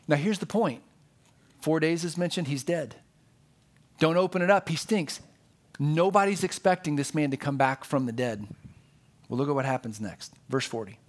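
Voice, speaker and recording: Pastor, male, a touch higher-pitched; earnest, conversational sermon delivery with emphatic repeats. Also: moderate pace.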